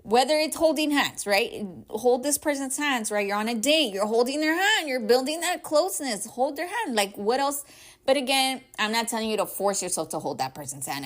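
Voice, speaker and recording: A woman hosts a casual advice podcast at an easy middle pitch. She rambles warmly and leans on fillers like "right?" and "y'all". At times she sounds emotional and close to tears. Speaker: podcast host.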